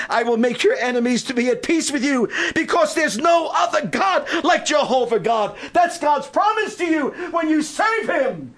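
High-voiced man preaching with fiery shouts. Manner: rises into shouted, drawn-out proclamations, then drops to a hushed altar call. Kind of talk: sermon.

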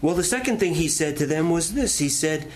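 A man's voice: fairly high pitch, expressive, a little fast, a little mellow, a little hiss or hum. A middle-aged male pastor preaching a sermon, telling stories in a folksy way and asking the congregation questions.

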